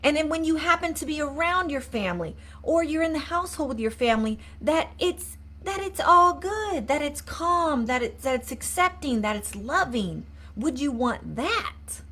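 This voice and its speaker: Earnest woman coach, slightly high voice. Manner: earnest, repetitive, asks viewers to comment. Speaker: mindset coach. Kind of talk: live-streamed motivational talk.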